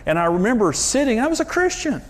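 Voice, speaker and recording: A man's voice: very high-pitched, big pitch swings, fast talker. A man preaching on marriage, telling candid, self-mocking stories and leaning hard on his punchlines. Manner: candid, self-deprecating storytelling; emphatic, building up to punchlines. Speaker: marriage speaker. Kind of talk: preaching talk with personal stories.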